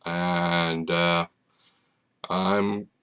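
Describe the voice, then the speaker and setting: With a low, sharp, clean voice that barely moves in pitch and goes very slowly, a man talks to the camera on his own channel. He rambles casually late at night, hesitant and full of fillers and restarts.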